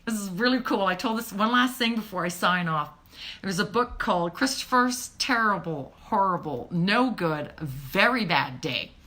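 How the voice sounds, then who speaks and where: A middle-aged woman hosting a casual motivational talk on parenting, expressive and sometimes dropping to a near-whisper for emphasis. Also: mid-range voice, moderate pace.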